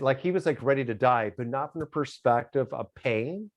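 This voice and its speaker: A middle-aged man, a guest on an interview, talking in a halting, reflective way and smiling a lot as he speaks. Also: medium pitch. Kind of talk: casual interview talk.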